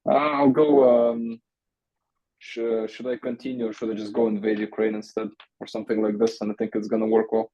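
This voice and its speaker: Laid-back low-voiced male trainee. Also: completely flat delivery, brisk, warm tone, dull audio. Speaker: trainee on a coaching call. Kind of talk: casual chat.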